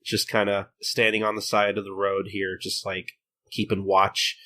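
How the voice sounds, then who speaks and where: A man co-hosting a casual podcast chat, recapping manga and breaking into quick acted character lines, laughing often. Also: deep voice, level tone, bright, forceful tone. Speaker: podcast co-host.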